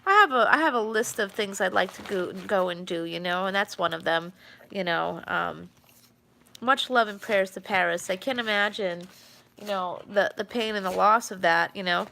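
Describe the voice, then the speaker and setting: Chatty woman with a gravelly bright voice. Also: mid-range voice, moderate pace, slight background noise. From New York. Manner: chatty, rambling, with many fillers and restarts. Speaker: live streamer. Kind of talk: casual live-stream chat.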